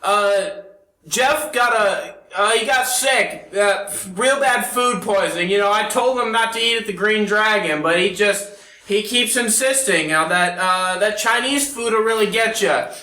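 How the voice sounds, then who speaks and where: A man's voice: high voice, measured pace, sharp tone, roomy sound, voice pushed up, poor audio. A man voicing a flustered male crook who bluffs a guard with a rambling, stumbling excuse. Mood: nervous bluffing. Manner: rambling, stumbling over fillers.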